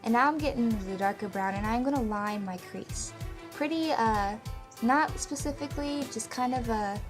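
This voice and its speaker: A woman's voice: on the high side, moderate pace. Chatty young woman, music behind. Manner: chatty, rambling, with frequent ums and self-corrections. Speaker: makeup vlogger. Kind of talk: casual makeup tutorial narration. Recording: music playing underneath.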